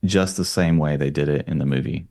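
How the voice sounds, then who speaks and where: Low-voiced man giving easy opinions. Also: brisk, vocal fry, a little mellow. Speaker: podcast guest. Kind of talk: casual film discussion.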